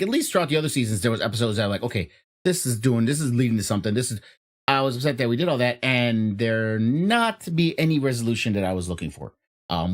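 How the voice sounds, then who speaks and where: Man, podcast co-host, low but lively pitch, blunt, sarcastic, swears. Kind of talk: casual podcast chat.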